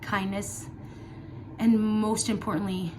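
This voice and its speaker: A woman's voice: medium pitch, flat delivery, takes it slowly, a little mellow, slight background noise. A middle-aged woman talking earnestly and from the heart to her viewers in a personal vlog, with emphatic repeats and casual fillers. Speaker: vlogger. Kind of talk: personal talk to camera.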